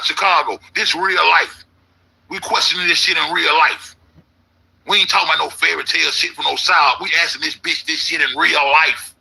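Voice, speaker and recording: A man's voice: fairly high pitch, vocal fry, sharp tone, breathy edge, low-quality recording. A man ranting in a casual, profane, rambling way, repeating himself as an internet commentator. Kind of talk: casual conspiracy rant.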